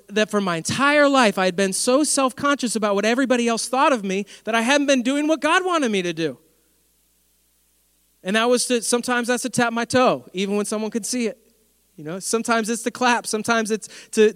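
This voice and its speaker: A man preaching a sermon, telling stories with lively humor. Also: high voice, clear, resonant tone, no echo, studio quality, in a large hall. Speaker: pastor.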